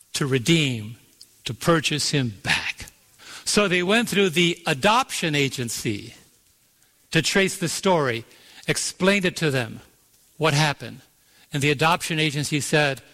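A man's voice: medium pitch, sharp tone. A man preaching a sermon, telling a story with emphasis and asking the congregation questions for them to answer. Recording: long reverb of a large hall.

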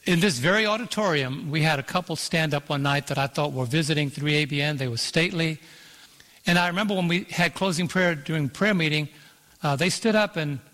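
A pastor preaching a sermon in an auditorium, calling out to the congregation and drawing out key phrases. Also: male voice, on the high side, fairly bright tone. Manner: preaching with call-and-response and slowed emphasis. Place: large auditorium. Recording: long hall reverb.

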